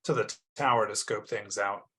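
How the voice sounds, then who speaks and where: A man playing in a tabletop game, stating his party's plans in a deliberate, assertive way. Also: fairly low pitch, pushed and bright, a little hiss or hum. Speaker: player.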